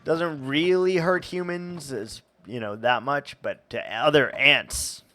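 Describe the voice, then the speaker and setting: Slow, rambling young male streamer. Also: a little high, steady tone, bright, forceful tone. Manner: rambling, chatty, stumbles and restarts. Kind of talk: casual gameplay chat.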